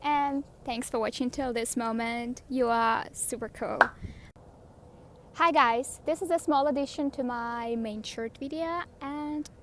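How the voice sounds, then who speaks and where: A young woman with a Russian accent and a high voice speaks at a measured pace into a handheld mic outdoors, where it's windy and noisy. She's a vlogger and yoga teacher giving an upbeat vlog intro, occasionally hunting for the right English word.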